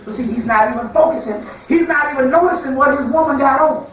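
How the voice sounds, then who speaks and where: A man's voice: very high voice, fast, few pauses, fairly bright tone. A man giving a spiritual lecture to a live audience, telling stories in a loose, colloquial way and acting out the people he quotes. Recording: echoey hall from far off, faint noise.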